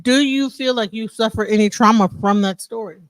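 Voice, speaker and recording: A man's voice: sits high, brisk, fairly bright tone, no room sound. A man interviewing a guest, reacting with repeated restarts before asking a question. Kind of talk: casual chat.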